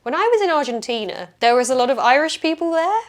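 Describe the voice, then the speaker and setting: A woman's voice: high voice, quick pace. A young English woman with a southern English accent, hosting a casual chat, asking questions and giggling often. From England. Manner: chatty, giggly, animated questions. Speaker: host.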